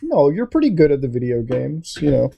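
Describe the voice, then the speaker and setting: A man's voice: a little high, huge pitch swings, a little fast, gravelly, breathy edge, lo-fi sound. A man appearing as a podcast guest in casual chat, laid-back and profane as he tells stories.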